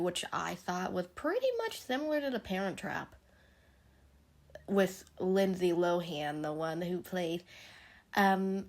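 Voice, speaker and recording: A chatty young woman with a lilt, her voice partly gone from a cold and a little hoarse. She rambles and giggles casually, recorded on a handheld phone. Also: mid-range voice. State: partly lost voice from being sick. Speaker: vlogger. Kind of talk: casual chat showing gifts. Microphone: handheld phone, no tripod.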